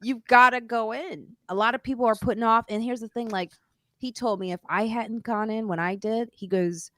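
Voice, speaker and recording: A woman hosting a casual live-stream chat, telling animated stories and acting out the people she quotes. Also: a little high, normal speed, no room sound, clean studio sound. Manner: animated storyteller, acts out quoted voices. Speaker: podcast host.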